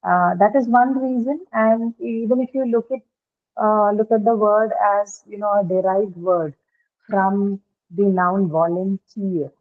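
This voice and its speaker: A woman's voice: mid-range voice, steady tone, a little slow. A woman teaching English pronunciation, explaining step by step and checking with her students as she goes. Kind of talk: online pronunciation lesson. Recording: tinny phone-like line.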